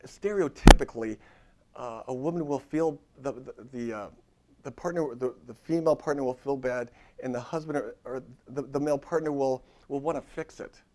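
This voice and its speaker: A man's voice: fairly high pitch, a little mellow. A man in his fifties, a therapist giving a classroom lecture in a conversational way, often checking in with "okay?" and repeating his phrases. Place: university classroom.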